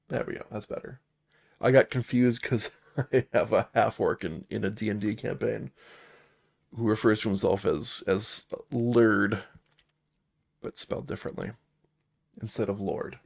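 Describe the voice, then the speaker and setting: Chatty man with a gravelly voice. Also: mid-range voice, moderate pace. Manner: chatty, reads game cards aloud, laughs at himself. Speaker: solo game player and narrator. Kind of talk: casual live-stream play-through.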